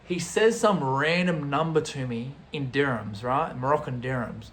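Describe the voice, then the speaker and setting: Animated young man telling a travel story. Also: unhurried. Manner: animated, with sound effects like bang and boom. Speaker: travel vlogger. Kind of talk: casual storytelling to camera. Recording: roomy echo.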